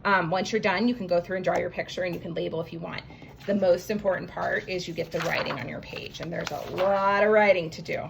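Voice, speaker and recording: A woman teaching a writing lesson to young children, slowly sounding out each word letter by letter. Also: fairly low pitch, fairly even intonation, vocal fry, background noise. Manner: slow, stretched phonics sounding-out. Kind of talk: early-grade writing lesson, sounding out words.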